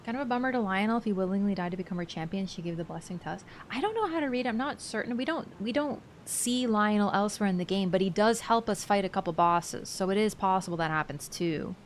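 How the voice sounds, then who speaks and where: A woman's voice: medium pitch, fast talker, hardly any pauses. Woman streamer, casual chatter, laughs a lot, faint background hiss. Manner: chatty, laughs often, talks to chat. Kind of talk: casual live-stream chat.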